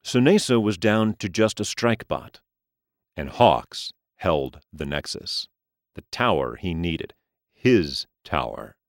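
Story narrator, man, deep and unhurried, dry close mic. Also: very animated, no echo.

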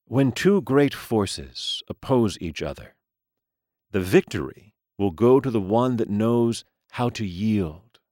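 A man voicing Mister Lee, an aging, smooth-spoken crime boss with a calm, formal, measured manner. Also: fairly low pitch, dry recording, clean studio sound, pitched above the performer's own voice.

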